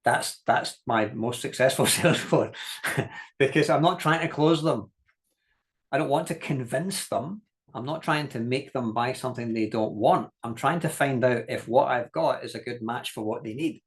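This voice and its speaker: A man leads a business masterclass in a mid-pitched voice, neither high nor low. He tells anecdotes with energy, slips into other people's voices for quotes, laughs along the way, and hammers his key points home plainly. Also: moderate pace. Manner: lively storytelling, acts out quoted voices, laughs often; direct, repeats key points for emphasis. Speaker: business coach. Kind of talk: masterclass teaching talk.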